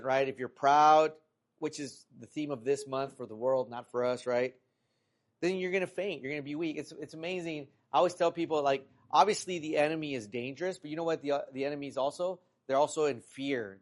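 Middle-aged male pastor, slightly higher voice, casual fillers, swells into scripture readings. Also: brisk. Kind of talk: sermon.

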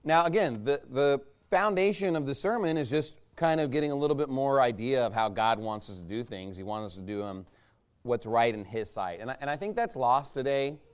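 Speaking at a brisk clip with a clean, medium-pitched voice, a pastor gives a conversational sermon. He rambles in a folksy way and keeps asking the congregation rhetorical questions.

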